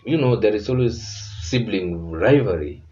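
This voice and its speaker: A man from Africa hosting a reaction video, giving earnest, measured commentary and thinking aloud as he goes. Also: fairly low pitch, expressive, warm tone, highs cut off.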